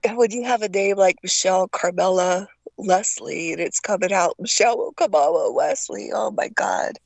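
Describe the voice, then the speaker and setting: Gravelly older woman telling stories. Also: medium pitch, normal speed, dry recording. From Taiwan. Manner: stammering, acts out voices in her stories. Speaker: guest. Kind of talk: casual storytelling.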